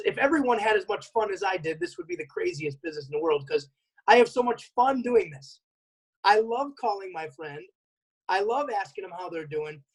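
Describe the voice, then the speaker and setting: A man presenting a network marketing workshop, energetic, repeating key points and acting out remembered conversations. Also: sits high, husky, poor audio. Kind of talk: seminar talk.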